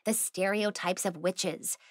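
Woman voicing a calm, doting witch aunt. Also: mid-range voice, takes it slowly, dry recording, clean studio sound. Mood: patient. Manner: soothing, endearments.

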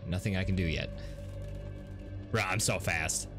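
A man hosting a gaming video, commentating a let's play in an excitable way, gasping and laughing as he plays. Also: deep voice, a little slow. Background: game music.

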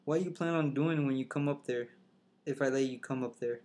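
A stern middle-aged Southern sheriff who questions with quiet condescension, read by a man. The voice sits at a mid pitch and stays near the reader's everyday tone, as in a plain storybook reading. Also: brisk, lightly acted. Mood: interrogating.

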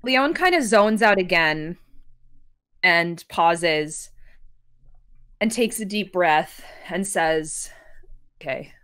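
Woman at a tabletop game, slow and umm-y, bouncy pitch. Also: expressive, fairly bright tone, clean tone. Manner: hesitant, with frequent ums and kinda. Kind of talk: casual role-play narration.

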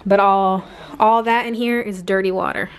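A woman chatting casually to her camera at home, quick and full of fillers. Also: medium pitch, fairly even intonation, rough recording. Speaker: vlogger, wife. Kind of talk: casual home vlog chat. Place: carpeted home room. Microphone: handheld compact camera.

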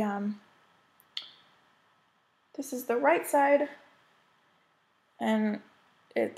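A woman's voice: a little high, gravelly, darkish tone. An American woman chatting casually as she shows her cross-stitch projects, rambling and gushing over them. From United States. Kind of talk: casual show-and-tell chat.

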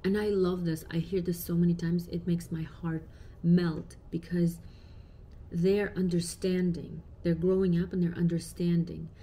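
Chatty mother with a mellow, low voice. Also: flat delivery, a little slow. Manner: chatty, reflective, uses many fillers. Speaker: parent vlogger. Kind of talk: casual talk to camera.

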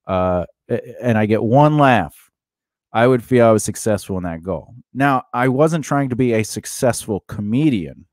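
A man's voice: mid-range voice, lively intonation, normal speed, darkish tone, dry recording, studio quality. A man co-hosting a podcast in casual comedic chat, rambling and joking, with many fillers and restarts. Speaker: podcast co-host.

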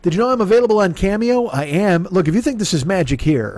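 A man hosts his comedy podcast and rambles in circles, mocking himself and swearing freely. His voice sits a little high. The sound is dry and close, with no room echo. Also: expressive, a little fast, a little mellow. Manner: rambling, self-mocking, profane, talks in circles. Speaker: podcast host.

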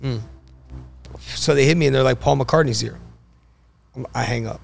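A man's voice: mid-range voice, moderate pace, gravelly. A man on a podcast, a guest telling stories casually and acting out the lines of the people in them. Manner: animated storyteller, acts out quoted dialogue. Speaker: guest, car broker.

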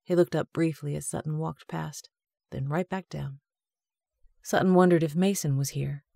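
A woman narrating a novel as an audiobook, in a steady, even storytelling manner. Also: sits low, normal speed, vocal fry, dry recording, clean studio sound. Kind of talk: scripted narration.

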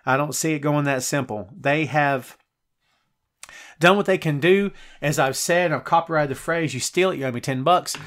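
A middle-aged man hosting a live show, reading out chat messages and wisecracking in an animated, conversational way. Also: fairly high pitch, normal speed. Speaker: podcast host.

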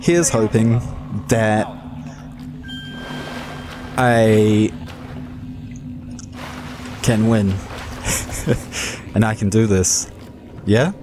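A man's voice: on the low side, fairly even intonation, slow pace, long pauses. A man hosting a casual let's-play video, joking around in a goofy, self-mocking way. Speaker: gaming video host. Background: game music.

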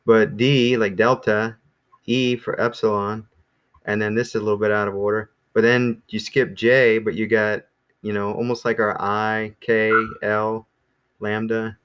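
A man teaching a small class in a relaxed, rambling way, with many ums and restarts. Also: on the low side, a little slow, clean tone. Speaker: Greek teacher.

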